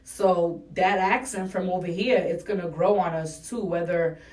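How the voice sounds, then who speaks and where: A woman's voice: fairly low pitch, steady tone, normal speed, a little mellow. A young adult woman from New England with a New England accent, talking bluntly and profanely as a rapper in a casual interview. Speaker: rapper guest. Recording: roomy and distant mic.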